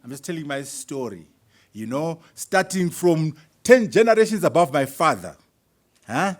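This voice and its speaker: Animated man speaking at a book launch. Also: on the high side, normal speed. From Zimbabwe. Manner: animated, chuckling asides to the audience. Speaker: author presenting his book. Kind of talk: lively speech at a book launch. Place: university hall at a launch event.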